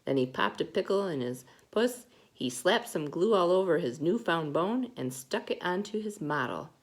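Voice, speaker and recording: A woman teacher reading a picture book aloud to preschoolers, animated and playful. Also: lowish voice, moderate pace. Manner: animated, acts out character voices. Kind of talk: children's storybook read-aloud.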